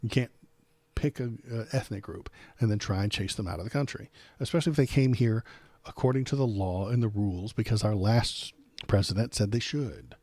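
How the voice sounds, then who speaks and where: A man's voice: fairly low pitch, brisk, darkish tone, no room sound. A man hosting a live political stream, reading headlines and reacting in casual commentary, sarcastic and indignant, with many fillers.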